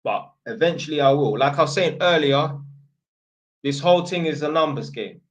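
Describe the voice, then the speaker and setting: Blunt, slangy man, fairly high voice. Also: normal speed. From Northampton, England. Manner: blunt, slang-heavy, swears freely. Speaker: channel host answering viewer questions. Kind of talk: casual livestream Q&A.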